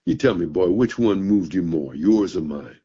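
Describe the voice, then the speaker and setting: A man voicing a stern old one-eyed male blues master who talks in a gruff, teasing way. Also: deep voice, animated, moderate pace, dark tone. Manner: gruff, teasing, calls the listener boy. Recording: dull, muffled recording.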